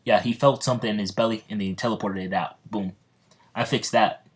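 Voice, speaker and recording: A man improvising a fan-fiction story, rambling and halting with lots of fillers, restarts and giggles. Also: on the low side, steady tone.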